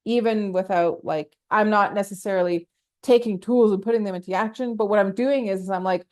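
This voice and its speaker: A woman hosting a solo podcast, talking casually and rambling, laughing often and acting out quotes with lively ups and downs. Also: mid-range voice, a little fast. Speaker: podcast host.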